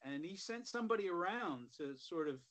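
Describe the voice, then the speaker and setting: A middle-aged man, a guest musician, telling stories in a relaxed, rambling way with many asides. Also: sits high, moderate pace, low-quality recording. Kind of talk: casual interview storytelling.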